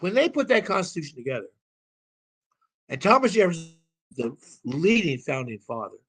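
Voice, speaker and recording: A man's voice: fairly high pitch, very animated, normal speed. A man talking as a call-in show guest, explaining at length in an emphatic, rambling way and swearing now and then. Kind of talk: casual explanatory talk.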